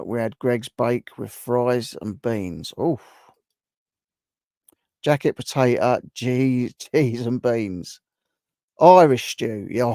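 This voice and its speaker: A man hosts a relaxed live stream, answering viewers' comments one by one. His voice is gravelly and sits at an ordinary pitch. The sound is dry and close, with no room around it. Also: no echo. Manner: chatty, reacts to viewers' guesses. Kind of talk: casual chat reading out viewer comments.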